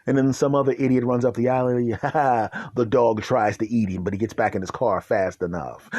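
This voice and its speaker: A man hosting a podcast, telling a comic story in an animated, chuckling way. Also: mid-range voice, moderate pace, no room sound. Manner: animated, laughing, self-deprecating. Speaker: podcast host. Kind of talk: comedic storytelling.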